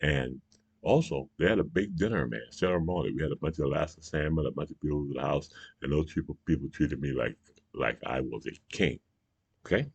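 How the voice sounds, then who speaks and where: A man's voice: a little fast, no room sound, lo-fi sound. A man hosting his own morning talk show, telling stories in a rambling, folksy way, often dropping "you know" and "okay?". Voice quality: very deep, gravelly and husky. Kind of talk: casual monologue storytelling.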